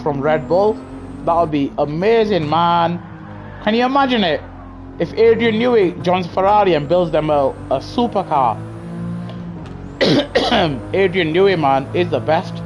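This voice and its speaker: A man casually chats on a live stream, answering viewers in slangy, easygoing bursts. His voice sits a little high for a man. Clear music and engine noise run behind his headset mic. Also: animated, measured pace, pauses often. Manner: chatty, answers chat, slangy. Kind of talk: casual live-stream chat over gameplay. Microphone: gaming headset. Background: car engine noise and music.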